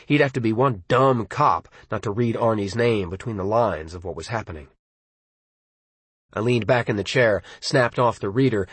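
A man narrating an audiobook in the first person, measured and brooding in tone. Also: on the low side, slightly rough, no room sound.

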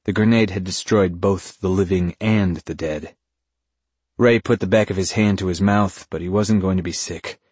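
Guy narrating an audiobook, low husky voice, dry close sound. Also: steady tone, darkish tone, no room sound. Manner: measured storytelling. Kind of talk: scripted narration.

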